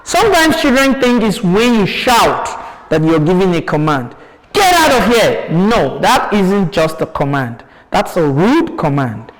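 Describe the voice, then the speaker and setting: Slow, sing-song male teacher with lively pitch. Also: in a large hall, low-quality recording. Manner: slow, deliberate, repeats examples with exaggerated rising and falling tones; asks pupils questions and answers them himself. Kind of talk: classroom lesson on intonation. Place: TV studio.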